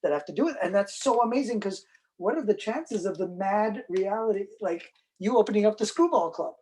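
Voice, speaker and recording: Excitable New man hosting. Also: high voice, brisk, low-quality recording. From New York City. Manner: excitable, joking, chatty storyteller. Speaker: antiques museum host. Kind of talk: casual chat during an unboxing.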